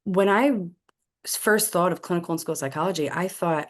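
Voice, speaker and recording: A woman, a podcast guest telling her career story in a lively, casual way. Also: on the low side, fairly quick. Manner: animated storyteller acting out quoted dialogue. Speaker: podcast guest, clinical executive.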